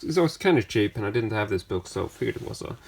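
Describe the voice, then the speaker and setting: A man's voice: fairly low pitch, expressive, quick pace, gravelly, husky. A man casually showing off items from his collection in a vlog, talking in a rambling way with lots of fillers and self-corrections.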